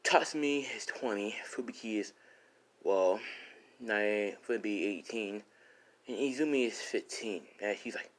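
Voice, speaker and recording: A man's voice: lowish voice, unhurried, rough recording. A man improvising a fan story, rambling with lots of fillers. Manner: rambling, full of fillers and 'and he's like'.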